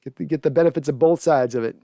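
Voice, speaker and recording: Guy hosting a sports podcast, fairly high voice, chatty, dry close mic. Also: rapid-fire, warm tone, dry recording, lo-fi sound. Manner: chatty, laughs often, reads comments aloud. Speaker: podcast host. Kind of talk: casual live-stream chat reading viewer comments.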